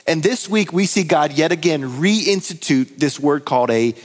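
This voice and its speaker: Guy in his 30s preaching in church, kinda high voice, long reverb off the hall. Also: normal speed. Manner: storytelling, lively and conversational. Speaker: pastor. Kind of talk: sermon.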